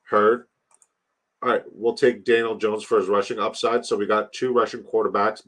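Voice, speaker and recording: Animated, foul-mouthed male stream host. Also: fairly low pitch, moderate pace. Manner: animated, swears freely, reads chat comments aloud. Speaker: livestream host reading chat. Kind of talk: casual fantasy football livestream chat.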